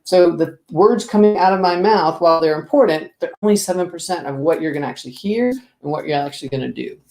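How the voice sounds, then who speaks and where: A woman business coach giving an expressive, lively talk to the camera, asking the viewer direct questions. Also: on the low side, quick pace, roomy sound, faint music behind.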